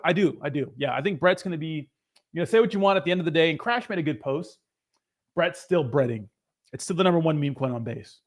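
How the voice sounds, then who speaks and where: Young guy streaming crypto, kinda high voice, rambles and swears, reads chat. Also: lively intonation, brisk. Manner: profane, rambling, offhand. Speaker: crypto livestream host. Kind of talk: casual chat reading viewer comments.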